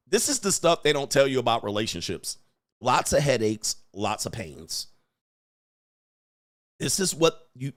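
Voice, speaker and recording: A man hosting a show, giving loud, crude, mocking commentary on video clips and laughing often. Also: on the high side, no room sound, studio quality. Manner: brash and mocking, laughs often, mimics voices. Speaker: host.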